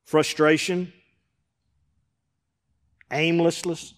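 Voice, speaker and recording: High-voiced pastor preaching in a hall. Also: male voice, moderate pace, pauses often, a bit bright. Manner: preacher acting out quoted voices, rising and dropping in volume. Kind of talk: sermon. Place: church sanctuary.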